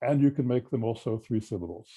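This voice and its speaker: An older man with an Australian accent giving a measured, technical linguistics seminar lecture. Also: medium pitch, animated, warm tone, breathy edge. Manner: measured, technical, explanatory with pauses.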